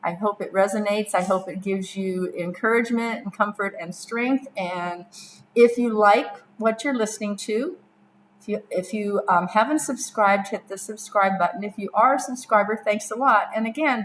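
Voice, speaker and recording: A woman's voice: mid-range voice, moderate pace, a bit bright, low-quality recording. Encouraging woman host with faint background noise. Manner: encouraging, faith-centered remarks. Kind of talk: casual interview and outro.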